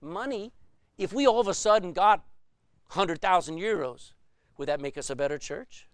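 Guy preaching a sermon, kinda high voice, dry close sound, lots of questions to the crowd. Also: normal speed, dry recording. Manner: emphatic preaching with rhetorical questions. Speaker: pastor.

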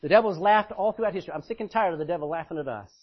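A middle-aged man preaches a sermon in a high, husky voice, folksy and emphatic, rising to loud declarations and dropping to near-quiet asides. The recording sounds dull and lo-fi. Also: rapid-fire.

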